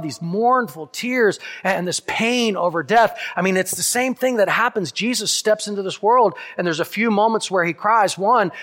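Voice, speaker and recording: A man preaching a sermon as pastor, earnest, dropping softly on key lines and speeding through asides. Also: high-pitched. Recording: long hall reverb.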